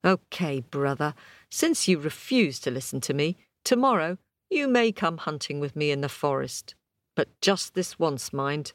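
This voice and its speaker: A woman's voice: sits low, big pitch swings, a little slow, no room sound. A woman voicing a proud, dismissive male hunter in a told folk tale, talking in a scornful, bossy way. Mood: grudging.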